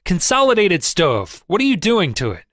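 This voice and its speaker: A man voicing a furious middle-aged male stock speculator, shouting and sputtering with rage. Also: fairly high pitch, lively intonation, moderate pace, no echo, clean studio sound, pitched above the performer's own voice.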